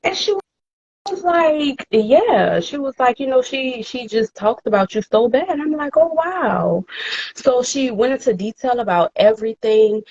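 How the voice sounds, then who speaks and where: A woman tells a personal story in a casual podcast chat, swearing and using slang freely. She jumps her voice up high whenever she acts out what someone said. The recording is dry and a little dull. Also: no room sound. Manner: animated, acts out quotes in a higher voice. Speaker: podcast co-host.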